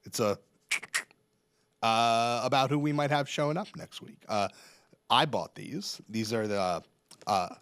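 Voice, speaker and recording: A man's voice: medium pitch, unhurried, pauses often, a bit bright, clean tone, no room sound. A man co-hosting a culture podcast, chatting casually with wry, joking asides. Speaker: podcast co-host. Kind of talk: casual chat.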